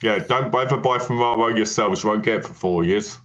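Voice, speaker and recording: A man's voice: on the low side, fairly quick, fairly bright tone. A man from Britain co-hosting a casual film chat, explaining things at length. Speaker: co-host.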